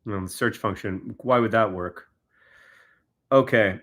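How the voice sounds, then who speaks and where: A man's voice: fairly low pitch, measured pace, a bit bright. A man, chatting casually on a livestream, giving exasperated, wry running commentary to viewers. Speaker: livestreamer signing autographs.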